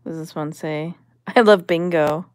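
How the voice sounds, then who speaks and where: A woman's voice: low voice, moderate pace, darkish tone, no room sound, clean studio sound. A woman vlogger giving casual commentary as she sorts vintage jewelry, musing and appraising each piece aloud.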